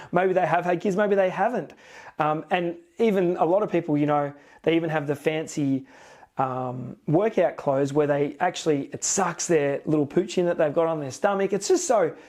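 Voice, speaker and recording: A man's voice: a little high, a little mellow. A man, a fitness and diet coach, talking frankly and emphatically to camera in a casual video. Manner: frank, emphatic, plain-spoken.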